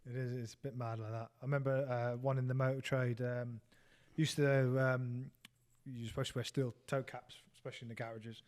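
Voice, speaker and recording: A man's voice: medium pitch, little pitch movement, brisk, hardly any pauses, a little mellow. Swearing, laughing English tradesman telling stories. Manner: laughing, swearing, rambling anecdotes. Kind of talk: casual storytelling banter.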